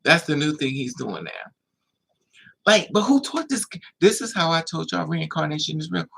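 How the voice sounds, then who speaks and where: A man hosting a livestream, telling a personal story in a casual, animated way and acting out the voices of the people in it. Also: on the high side, gravelly, breathy edge, poor audio. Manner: animated, acts out quoted voices.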